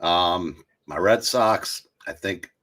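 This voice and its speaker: A man talking as a guest in a relaxed, somewhat hesitant casual chat. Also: low-pitched, slow pace.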